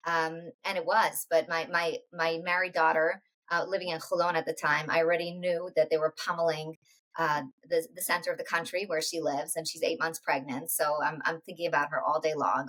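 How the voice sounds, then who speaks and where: Lower-voiced woman telling a wartime story. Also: little pitch movement, fairly bright tone, low-quality recording. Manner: halting, with many restarts and quoted dialogue. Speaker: interview guest. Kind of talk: emotional personal storytelling.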